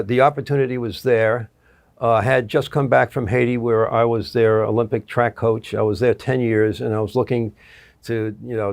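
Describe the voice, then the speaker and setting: A man's voice: mid-range voice, darkish tone. A middle-aged man, a guest annuity producer, telling stories in an interview, rambling with restarts and acting out quotes. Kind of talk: interview storytelling.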